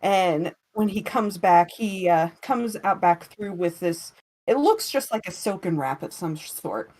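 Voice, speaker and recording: A woman narrating a tabletop game as game master in a casual, relaxed way with many fillers. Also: on the low side, measured pace.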